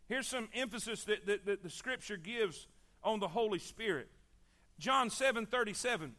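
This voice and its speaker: High-voiced preacher calling on the congregation. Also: male voice, sharp tone. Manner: emphatic preaching, repeats phrases, calls for congregation responses. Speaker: pastor. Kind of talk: sermon.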